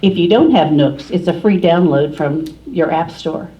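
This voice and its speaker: A woman's voice: lowish voice, normal speed, dark tone, lo-fi sound. A woman author at a library forum, talking casually and correcting herself as she answers an audience question. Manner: scattered, self-correcting. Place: library meeting room. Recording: distant room recording with faint hiss.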